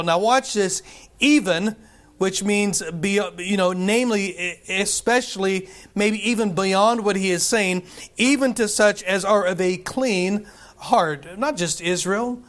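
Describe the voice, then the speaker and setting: A man preaching a sermon, reading scripture slowly and stressing his points with emphasis. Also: high voice, fairly bright tone. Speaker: pastor.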